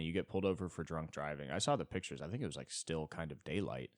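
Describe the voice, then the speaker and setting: A young man hosting a solo comedy podcast, rambling and self-deprecating, with sudden jumps into high-pitched bits. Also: fast talker, no room sound, studio quality. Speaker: podcast host.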